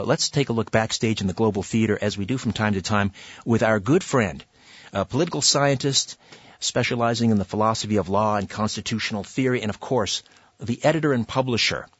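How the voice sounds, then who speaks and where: In a radio studio, a male talk-show host tells a story chattily, using many fillers and restarts, in a conversational monologue and interview. His voice is on the low side with a breathy edge, with no room sound and the highs cut off.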